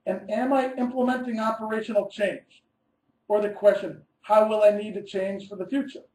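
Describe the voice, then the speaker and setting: A man's voice: sits high, flat delivery, moderate pace, darkish tone, echoey room, rough recording. A man, an architect, giving a scripted webinar presentation, reading methodically through numbered steps and stressing key words.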